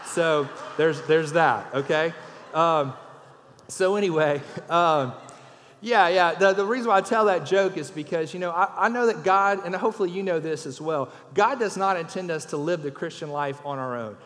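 A man's voice: a little high, normal speed, a bit bright. Preacher man in a reverberant hall. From Louisiana. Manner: folksy storyteller, raises his voice for punchlines. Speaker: guest preacher. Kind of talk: sermon. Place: church sanctuary. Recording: long church hall reverb.

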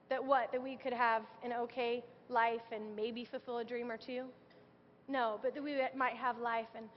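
A woman in her thirties preaches with an earnest, conversational warmth, weaving scripture into her own story. Her voice sits high, and it carries through a large church hall with long reverb on a slightly dull recording. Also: slight background noise. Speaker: speaker sharing testimony. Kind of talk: sermon.

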